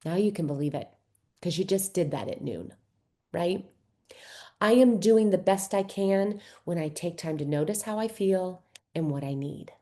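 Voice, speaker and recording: A woman giving a slide presentation to caregivers in a folksy, conversational way, asking gentle coaching questions and often tagging on "right?". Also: on the low side, expressive, moderate pace. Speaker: workshop speaker for caregivers.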